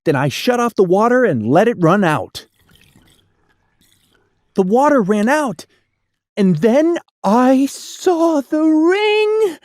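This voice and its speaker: A storyteller reading a rhyming picture book aloud in an expressive, sing-song way. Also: medium pitch, slow pace, long pauses, no room sound, studio quality.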